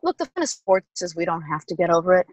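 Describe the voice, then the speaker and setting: A middle-aged woman, a former team executive, telling stories in an emphatic, lively interview manner. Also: on the low side, fast talker, dry recording, poor audio. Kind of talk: animated interview storytelling.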